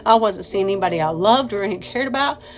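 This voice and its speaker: A woman's voice: mid-range voice, animated, fast talker. A woman giving a raw personal testimony, repeating herself and swearing freely as she talks. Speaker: mother and business owner telling her story. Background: music.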